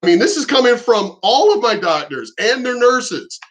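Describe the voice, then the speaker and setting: A man's voice: very high-pitched, big pitch swings, normal speed. A middle-aged man and military veteran talking casually to camera in a rambling, profane way, acting out what other people told him.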